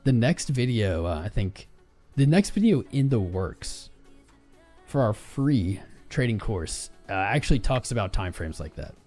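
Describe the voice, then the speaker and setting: A man's voice: lowish voice, very animated, unhurried, mellow, faint music behind. A man hosting a casual crypto trading livestream, laid-back and greeting viewers in chat by name.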